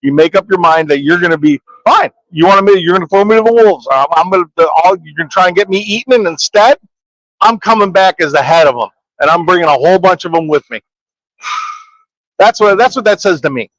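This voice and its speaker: High-voiced joking man, dry sound. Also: animated, quick pace, fairly bright tone, no room sound, poor audio. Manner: jokey, playful, delivers motivational quotes. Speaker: podcast co-host. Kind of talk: casual banter. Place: trade show floor.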